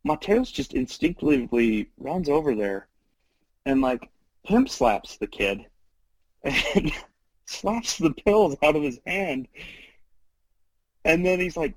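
A man casually telling a story from his mission days, animated, with many fillers and frequent laughs. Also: a little high, measured pace, gravelly, pauses often, no room sound, rough recording.

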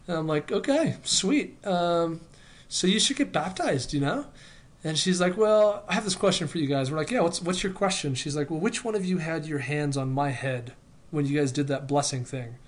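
A man's voice: a little high, normal speed. A man casually telling a story from his missionary days, acting out both sides of the dialogue with lots of fillers and restarts. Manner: animated, acts out quoted dialogue, many fillers and restarts.

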